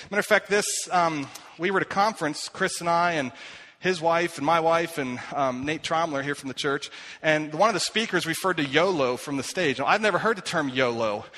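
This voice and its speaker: Middle-aged male pastor, bright tenor, self-deprecating storyteller, long church reverb. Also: a little high. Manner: self-deprecating storytelling, many fillers and restarts. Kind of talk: sermon with personal stories. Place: church hall.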